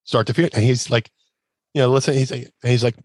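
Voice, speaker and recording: A man's voice: medium pitch, quick pace, no room sound. A man telling a casual anecdote as a guest, rambling with fillers and restarts and acting out quotes in shifting voices. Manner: animated storyteller, acts out quotes in shifting voices.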